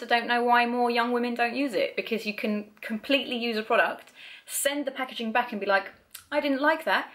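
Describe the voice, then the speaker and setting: A woman's voice: mid-range voice, bright, forceful tone. Chatty, blunt woman vlogger. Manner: chatty, blunt, swears freely, self-mocking. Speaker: beauty vlogger. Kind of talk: casual product review.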